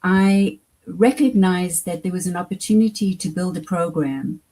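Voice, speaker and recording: A woman with a South African accent speaks as an interview guest. Her voice is low, dark and husky, and her answers come out measured and deliberate. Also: low-quality recording. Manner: measured, articulate, deliberate phrasing. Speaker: guest, education program founder.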